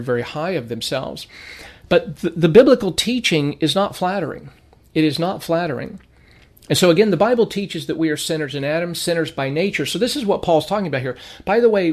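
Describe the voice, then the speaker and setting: Speaking in a slightly high voice, a middle-aged man teaches an informal Bible lesson in a conversational, storytelling way. Along the way he slips into anecdotes, briefly acting out the people he quotes.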